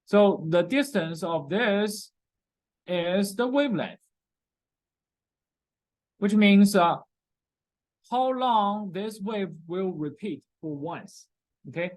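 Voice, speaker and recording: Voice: mid-range voice, lively intonation, slow pace, long pauses, poor audio. A chemistry lecturer in a recorded class, repeating key terms, checking in often with "okay?", and speaking with non-native grammar.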